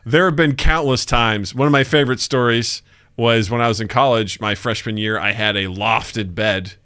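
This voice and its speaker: Forties male podcast co-host, bright tone, animated storyteller. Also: mid-range voice, moderate pace, clean tone, dry recording. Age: 40s. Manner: animated storyteller who acts out quotes loudly and laughs often. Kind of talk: casual chat, storytelling.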